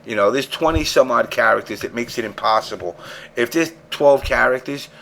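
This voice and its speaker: A man's voice: medium pitch, moderate pace, gravelly, fairly bright tone, slight background noise. A man hosting a casual gaming podcast, ranting emphatically and swearing freely. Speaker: show host.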